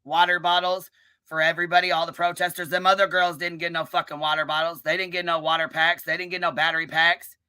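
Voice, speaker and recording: Profane, combative woman with a deep voice. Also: little pitch movement, quick pace, sharp tone, clean tone. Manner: profane, combative, calls people out; bass-heavy low voice. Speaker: live stream host. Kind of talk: live-stream commentary rant.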